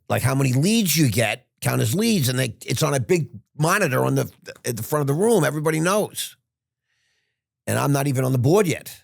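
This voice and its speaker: An older man, a podcast guest, telling stories in a rambling way with halting restarts. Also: medium pitch, creaky, dry recording, clean studio sound. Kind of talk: casual storytelling.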